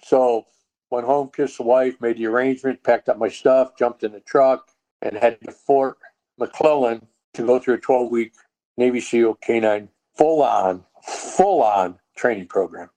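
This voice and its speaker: A man's voice: mid-range voice, measured pace, poor audio. A man with a Texan accent, a podcast guest telling a story in casual chat and acting out the voices in it. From Texas. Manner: animated storyteller, acts out quoted dialogue. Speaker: guest, dog trainer.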